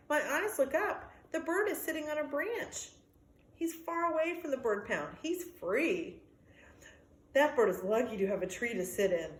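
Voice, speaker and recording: Friendly young pup, anxious but sweet, kinda high voice, storybook style, woman reading it. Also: echoey room. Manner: lively storybook reading with sound effects.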